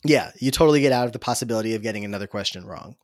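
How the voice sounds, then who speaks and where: A man's voice: fairly low pitch, racing, no echo, clean studio sound. A man co-hosting a podcast, recapping an episode in easygoing casual chat with frequent fillers. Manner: easygoing, laughs often, trails off with fillers. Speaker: podcast co-host.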